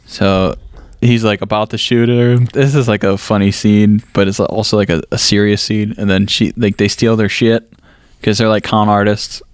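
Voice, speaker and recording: A man's voice: on the low side, level tone, moderate pace, clean tone, dry recording, clean studio sound. A man co-hosting a casual movie podcast, recapping plot in a rambling way full of fillers and laughs. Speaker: podcast co-host. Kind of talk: casual movie review chat.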